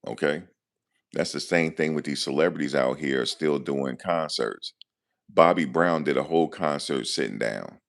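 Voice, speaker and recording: A livestream host with an extremely low voice and vocal fry talks at normal speed. He chats loosely and jokingly, offering casual commentary and talking back to his live chat.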